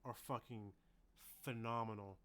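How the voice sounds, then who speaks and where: A man co-hosting a podcast in casual chat, animated and profane, often acting out quotes loudly. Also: lowish voice, unhurried. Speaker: podcast co-host.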